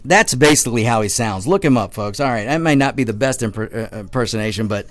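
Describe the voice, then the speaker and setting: A man's voice: mid-range voice, big pitch swings, fairly quick, hardly any pauses, no room sound. A man hosting a talk radio show, ranting passionately with frequent restarts and stammers. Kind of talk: political talk radio monologue.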